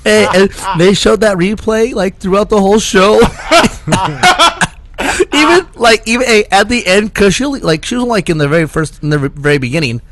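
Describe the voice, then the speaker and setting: A man with a fairly high-pitched voice hosts a casual podcast chat. He rambles through his stories, laughing often and filling his talk with "like" and "dude". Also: lively intonation, normal speed. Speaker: podcast host.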